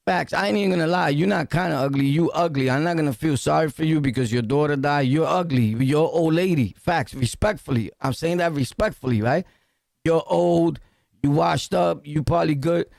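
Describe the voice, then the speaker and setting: A Brooklyn man reacts in a loud, profane rant thick with street slang, laughing between lines. His voice sits high and rough with fry. The recording is dry and close. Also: moderate pace, no echo. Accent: Brooklyn New York. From Brooklyn, New York. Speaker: reaction commentator.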